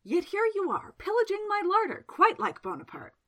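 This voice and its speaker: A woman's voice: extremely high pitch, huge pitch swings, moderate pace, a bit bright, pitched above the performer's own voice, heavily acted. A woman voicing a fretful, fussy young male magician who protests precisely and indignantly.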